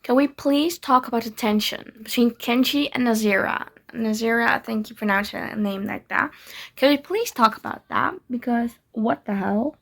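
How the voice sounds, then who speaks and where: A woman's voice: a little high, moderate pace, gravelly, fairly bright tone. A young woman chatting casually in her reading vlog, gushing and giggly about the books she's read. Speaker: book vlogger.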